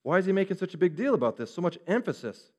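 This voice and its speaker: A man preaching a sermon, animated and acting out the voices of the people he quotes. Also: high voice, quick pace. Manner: animated, acts out quoted speech. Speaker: pastor. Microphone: referring to a screen, preaching to a congregation.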